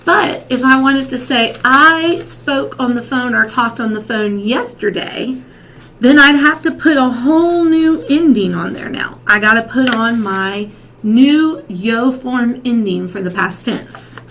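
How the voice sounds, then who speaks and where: Patient woman teacher, slow and clear, slightly high voice, faint noise behind. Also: animated, fairly bright tone, poor audio. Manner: slow, patient, repeats and checks with "okay?". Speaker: Spanish teacher. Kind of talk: classroom lesson.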